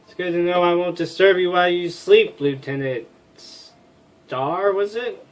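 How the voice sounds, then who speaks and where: A man voicing a female wolf captain in a game, introducing herself in a slow, sweetly formal way. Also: high voice, fairly even intonation, recorded from a distance, voice pushed up. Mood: polite. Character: female wolf captain, polite new roommate.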